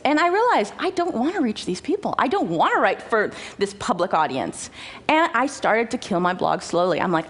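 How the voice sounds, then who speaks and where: Chatty, animated young woman on stage. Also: mid-range voice, brisk. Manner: chatty, self-mocking, animated with frequent restarts. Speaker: conference speaker. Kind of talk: personal talk to a conference audience. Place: large auditorium stage. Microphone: stage microphone.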